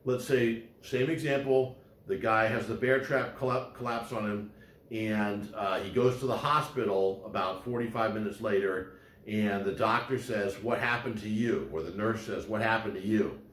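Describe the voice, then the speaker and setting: A man's voice: on the low side, fairly even intonation, normal speed, a bit bright, roomy sound. A man lecturing casually on law, rambling with frequent fillers and restarts.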